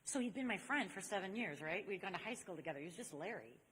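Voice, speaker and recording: Telling her testimony to young people at a church convention, an older woman is quick and animated, acting out each person in the story. Her mid-range voice is a bit bright with a breathy edge, and the large convention hall adds long reverb.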